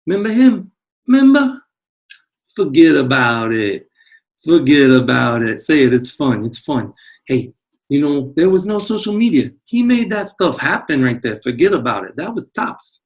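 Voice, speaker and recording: A man's voice: mid-range voice, a little mellow. A math teacher giving a playful, joke-filled intro to a video lesson, with tough-guy wisecracks. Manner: jokey, playful put-on tough-guy patter.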